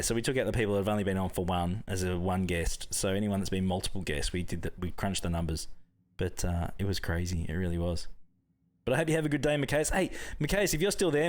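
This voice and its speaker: A young Australian man hosting a live gaming stream, chatting casually with viewers, greeting them by name and laughing often. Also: mid-range voice.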